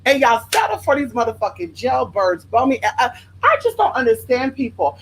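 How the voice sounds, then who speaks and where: A sassy spiritual worker chats straight to viewers, rambling from one tangent to the next. The voice leaps high and drops low, and the talk is loaded with swearing. A faint hiss sits under it. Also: a little fast, rough recording. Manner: profane, sassy and animated, with big pitch swings. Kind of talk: casual storytelling to viewers.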